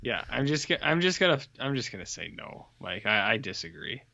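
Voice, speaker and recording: A man co-hosting a podcast in a loose, casual chat, rambling through deadpan anecdotes. His voice is bright and a little tense. The recording is dry and close, with a dull, lo-fi sound. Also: medium pitch, a little fast, creaky, dry recording. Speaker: podcast co-host.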